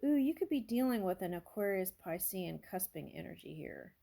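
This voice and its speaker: A woman's voice: lowish voice, big pitch swings, moderate pace, gravelly, warm tone. A woman doing a casual tarot reading, thinking aloud and musing over each card with small exclamations. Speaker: tarot reader.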